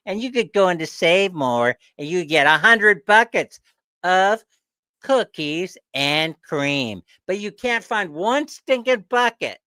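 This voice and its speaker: A man hosting a casual livestream chat, ranting with animated energy and laughing often. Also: high-pitched, dry recording, studio quality. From not from the Philippines. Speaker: livestream host.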